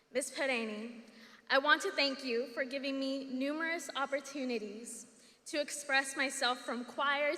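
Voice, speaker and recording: Young woman, high bright voice, graduation speech, long hall reverb. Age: young adult. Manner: emotional, teary thanks. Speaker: salutatorian. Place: large hall. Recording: echoey hall.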